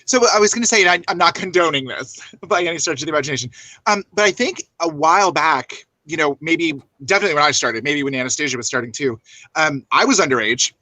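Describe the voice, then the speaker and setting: A man's voice: a little high, quick pace, pushed and bright, no room sound, rough recording. A man speaking as a guest drag performer on a video call, encouraging and rambling, with many restarts. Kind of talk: casual chat.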